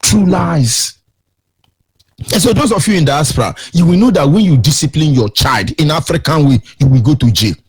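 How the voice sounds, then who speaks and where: A man's voice: on the high side, expressive, moderate pace, slightly rough. A middle-aged man with a Nigerian accent hosting a radio show, delivering emphatic, sermon-like commentary with sing-song rises.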